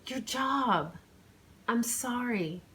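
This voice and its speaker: A woman's voice: a little high, expressive, extremely slow, fairly bright tone, a little hiss or hum, voice pushed up, full character voice. A woman voicing a hurt, tearful young heroine in a storybook reading. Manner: shaky and tearful.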